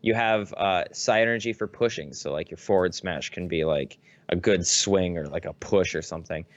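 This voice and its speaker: A man co-hosting a podcast in casual chat, swearing a lot and getting excitable as he tells stories. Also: low voice, moderate pace, dry recording, muffled recording. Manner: profane, excitable storyteller. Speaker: podcast co-host.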